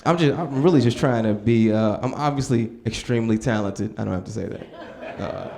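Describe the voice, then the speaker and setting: Young guy doing standup, laid back, laughs at his own jokes, mid pitch voice. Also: normal speed, darkish tone, roomy sound. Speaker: stand-up comedian. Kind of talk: stand-up comedy set. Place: comedy club stage with audience.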